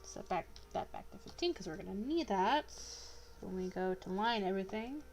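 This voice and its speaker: A woman's voice: medium pitch, lively intonation, moderate pace, darkish tone. A young woman chatting casually to herself and her viewers while drawing live, rambling and joking as she greets chat. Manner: rambling, self-talking, jokey, greets chat. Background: faint background music.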